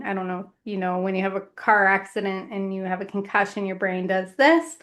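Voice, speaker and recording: A woman guest on a podcast, telling her own story in an earnest, measured voice. She speaks in short, considered phrases at an ordinary middle pitch. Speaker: guest author. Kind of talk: reflective podcast conversation.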